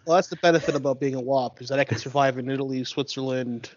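A man's voice: medium pitch, fairly even intonation, fast talker, lo-fi sound, a little hiss or hum. A man in casual podcast chat, blunt and joking, with some swearing.

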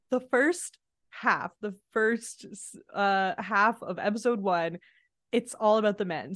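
A woman's voice: mid-range voice, dry recording, studio quality. A woman co-hosting a podcast, chatting casually and laughing often as she acts out quotes. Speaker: podcast co-host. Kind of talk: casual recap chat.

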